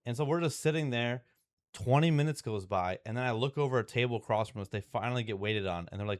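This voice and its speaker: A young man with a fairly low, smooth, resonant voice rambles through a personal story, tripping over fillers and restarts. He sounds exasperated and swears casually. The sound is close and dry. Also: fast, dry recording. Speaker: vlogger.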